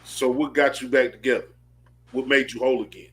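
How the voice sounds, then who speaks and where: Measured male show host. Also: mid-range voice, steady tone, fairly bright tone. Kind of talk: casual interview.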